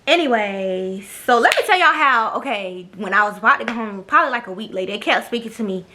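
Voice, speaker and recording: A woman's voice: fairly high pitch, animated, quick pace, pushed and bright. A young woman, telling a blunt, profane storytime to her camera. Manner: blunt, profane, sassy, mimics others. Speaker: vlogger. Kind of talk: casual storytime monologue.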